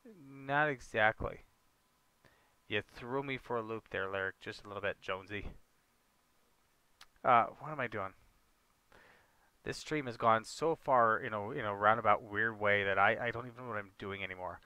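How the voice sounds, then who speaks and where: A man's voice: fairly low pitch, moderate pace, pauses often, sharp tone, clear, resonant tone, no echo. A man chatting casually with his viewers while livestreaming a game, joking and talking to them by name. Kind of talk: casual gameplay livestream chat.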